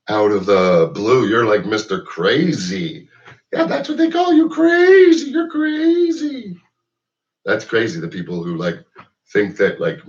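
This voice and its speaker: Low-voiced man ranting off mic. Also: distant mic, highs cut off. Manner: rambling, profane, heavy with "like" and "you know". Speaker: host. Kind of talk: rambling political rant.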